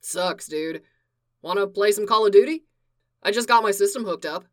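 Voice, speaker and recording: A woman's voice: mid-range voice, moderate pace, lightly acted. A woman voicing an easygoing young man in a storybook reading, with a breezy, lifted delivery. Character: laid-back young man, easygoing friend.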